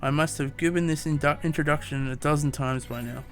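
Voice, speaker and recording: A man's voice: a little high, fairly even intonation, fairly quick, fairly bright tone, faint music behind, lightly acted. A man reading as a prim, wordy woman scholar. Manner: prim, wordy, stumbling over words. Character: fussy, long-winded young woman scholar. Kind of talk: reading game dialogue aloud.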